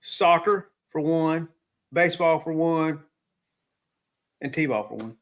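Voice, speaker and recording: A laid-back man chats on a podcast, his voice sitting a bit higher than most men's. He jokes in a dry, easygoing way. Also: slow. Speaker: podcast co-host. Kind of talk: casual chat.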